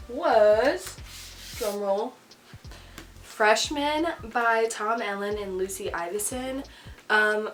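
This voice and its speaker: A woman's voice: medium pitch, a bit bright, low-quality recording. A young woman with a stuffy nose from a cold, chatting casually and rambling about books she read, with frequent giggles and fillers. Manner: rambling, giggly, says like a lot. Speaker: book vlogger. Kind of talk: casual reading wrap-up chat.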